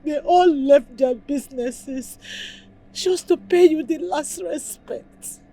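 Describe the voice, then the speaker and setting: Distraught Nigerian wife pleading with a dead husband; slow, high, soft-toned, film soundtrack. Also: female voice, a little hiss or hum. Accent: Nigerian English. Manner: pleading, sobbing between words. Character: anguished wife begging her husband's spirit. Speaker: actress. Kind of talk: film drama acting. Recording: film soundtrack, faint music behind.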